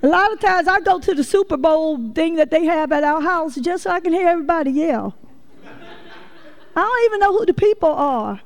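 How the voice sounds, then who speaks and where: A woman preacher giving a sermon, telling folksy stories and calling out directly to her congregation. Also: extremely high pitch. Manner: lively folksy storytelling, addresses the congregation directly.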